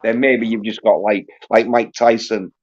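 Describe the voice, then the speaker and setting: A man's voice: lowish voice, level tone, moderate pace, husky. A man hosting a livestream, ranting in a crude, swear-filled, rambling way. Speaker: livestream host. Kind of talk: casual livestream rant. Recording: dull lo-fi audio.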